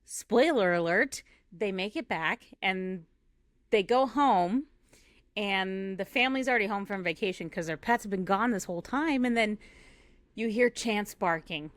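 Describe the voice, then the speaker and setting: A woman in her thirties co-hosting a podcast, chatting casually and retelling a film with animated acted quotes. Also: medium pitch, moderate pace, no room sound. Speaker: podcast co-host. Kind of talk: casual chat.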